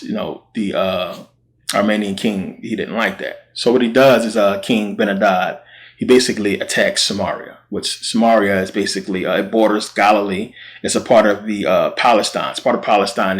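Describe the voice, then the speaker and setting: A man hosting his channel, retelling a Bible story in a slangy, conversational way. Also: fairly low pitch. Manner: slangy, conversational, acts out quotes. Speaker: channel host.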